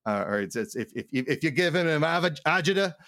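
A man co-hosting a podcast in casual chat, telling stories in a rambling, halting way. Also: fairly high pitch, expressive, a bit bright. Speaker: podcast co-host.

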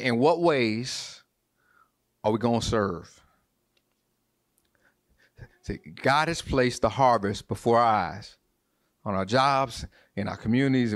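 A man preaching a sermon in an informal, folksy way, repeating his questions and calling on the congregation to respond. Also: medium pitch. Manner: preaching with repetition and call-and-response; folksy, informal church talk with "y'all". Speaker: pastor.

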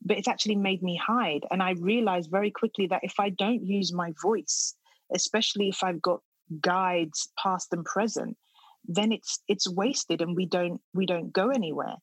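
A woman's voice: lowish voice, moderate pace, slightly rough, dry recording, low-quality recording. A middle-aged woman speaking as a podcast guest, talking earnestly and from the heart with frequent restarts. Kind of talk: casual interview conversation.

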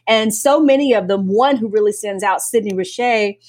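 A woman novelist talking casually about her writing process, animated, laughing often and restarting sentences. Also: mid-range voice, normal speed.

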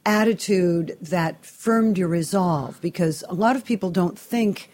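Mellow, low-voiced woman interviewer. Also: unhurried. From Southern California, US. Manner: engaged, reflective, sums up the guest's points. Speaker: radio show host, interviewer. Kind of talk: conversational interview.

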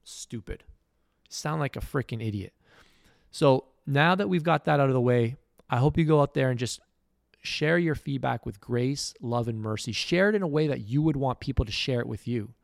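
A man's voice: mid-range voice, normal speed, gravelly, dry recording, studio quality. A middle-aged man hosting a podcast, giving a blunt, emphatic motivational monologue. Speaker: podcast host.

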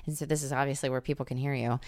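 A woman's voice: rumbling low, steady tone, rapid-fire, a little mellow. A woman co-hosting a podcast, recapping a film in a rambling, profane, casual chat and laughing often. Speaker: podcast co-host.

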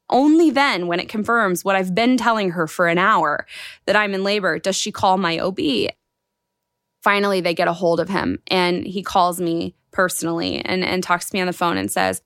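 A woman's voice: medium pitch, moderate pace, a bit bright, clean tone, no echo, clean studio sound. A young adult woman telling her own story in an earnest, emotional, candid way, as a podcast guest. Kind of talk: personal storytelling. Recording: music bed behind the voice.

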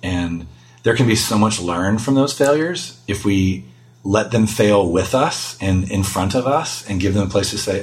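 A middle-aged man speaks in a lowish voice as a guest on an interview. He is earnest and self-deprecating, talking through parenting in a relaxed conversational way. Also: a little slow, low-quality recording.

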